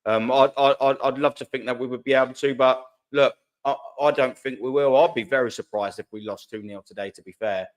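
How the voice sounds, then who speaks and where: A young man hosts a live stream in a casual, slangy way and keeps reading viewer comments out loud. His pitch sits in the middle for a man. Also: fairly even intonation, a little fast, hardly any pauses. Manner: laid-back, slangy, reads chat aloud. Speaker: host of a live fan stream.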